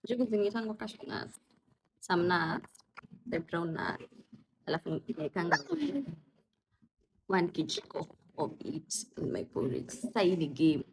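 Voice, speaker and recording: A young mother chats casually in a parenting vlog, mixing English with Swahili and cooing at her toddlers. Her voice is on the low side with lively intonation, unhurried with long pauses, and there's a little hiss or hum in the recording.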